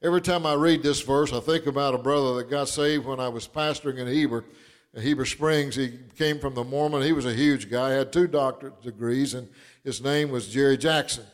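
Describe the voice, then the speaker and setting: A pastor, telling folksy stories with chuckles and building into fervent preaching. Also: male voice, mid-range voice, steady tone, brisk. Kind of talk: sermon.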